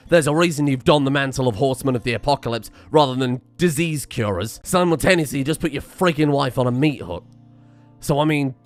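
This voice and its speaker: A man doing video game commentary, rambling and exasperated, talking nonstop. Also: medium pitch. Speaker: let's play host.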